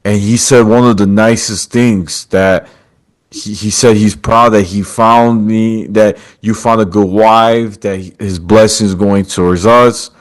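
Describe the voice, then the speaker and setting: Low-voiced male podcast host telling a story. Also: steady tone, unhurried. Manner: retells a story with acted quotes, repeats words, addresses guest as brother. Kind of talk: casual storytelling chat. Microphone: video call.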